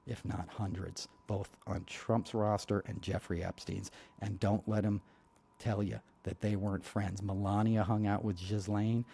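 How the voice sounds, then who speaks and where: A podcast host speaks in a fairly low, mellow voice. He talks bluntly and heatedly, rambling through asides and filling gaps with "you know." The delivery is loose and conversational, like a monologue to regular listeners. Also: husky. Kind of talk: casual political monologue.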